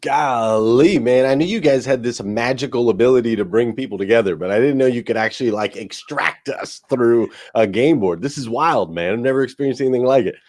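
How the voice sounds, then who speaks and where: Energetic guy telling a story, mid-pitch voice, keeps saying man. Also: a little fast, few pauses. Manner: energetic, calls people man. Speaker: guest speaker. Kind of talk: storytelling talk.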